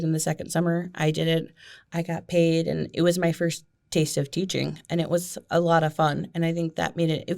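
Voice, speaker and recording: Low-voiced chatty woman guest. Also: gravelly, darkish tone. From Ohio, USA. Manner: chatty, self-deprecating, laughs often. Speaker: guest, school board member. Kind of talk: casual storytelling interview.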